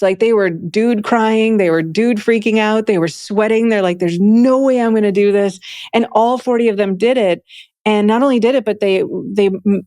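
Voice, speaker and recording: Being interviewed as an Akashic Records reader and teacher, a woman with a medium-pitched, dark voice talks enthusiastically in a chatty, casual way, often using "like" and "right?". The studio sound is clean, with no echo.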